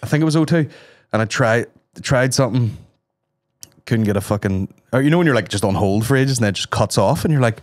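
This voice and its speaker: A man's voice: fairly low pitch, fairly quick, dry recording, studio quality. A man with a Northern Irish accent telling jokey stories and swearing freely in casual podcast chat.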